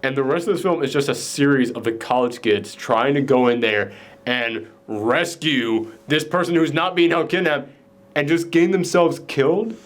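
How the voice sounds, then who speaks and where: A man hosting a casual movie review chat, retelling the plot in an animated way with lots of "like" fillers. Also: mid-range voice, moderate pace. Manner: animated storytelling, frequent "like" fillers. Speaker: podcast host.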